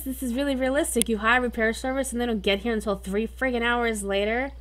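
A young woman hosting a let's play, giving casual game commentary, easily exasperated and dramatic, bursting into excitement. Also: on the high side, fast talker, few pauses.

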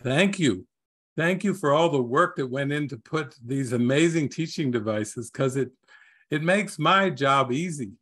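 A man giving a gentle spiritual teaching talk, unhurried and wondering, who chuckles often between phrases. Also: medium pitch, expressive, slightly rough.

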